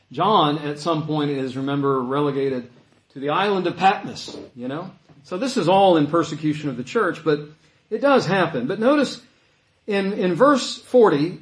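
Animated preacher, man, slightly high voice, roomy echo. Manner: animated, acts out quoted voices. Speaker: pastor. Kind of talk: sermon. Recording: echoey room.

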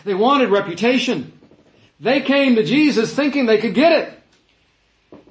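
Animated preacher man, echoey room. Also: extremely high pitch, measured pace, slight background noise. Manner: animated, acts out quoted voices. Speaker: pastor. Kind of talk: sermon.

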